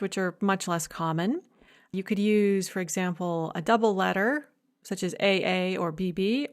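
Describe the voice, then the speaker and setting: In a recorded lecture, a woman with a medium-pitched voice explains points clearly and puts stress on the key ideas.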